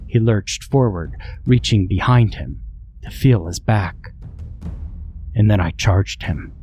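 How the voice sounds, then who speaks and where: A man tells a first-person horror tale in a low, mellow voice. His delivery is measured and dramatic, the pacing of a practiced storyteller. Faint music plays underneath.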